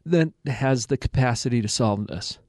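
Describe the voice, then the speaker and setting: A man explaining breathing techniques in a slow, measured, instructive way during a conversation. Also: mid-range voice, darkish tone, no echo, studio quality. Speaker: guest expert on stress. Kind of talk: calm explanatory chat.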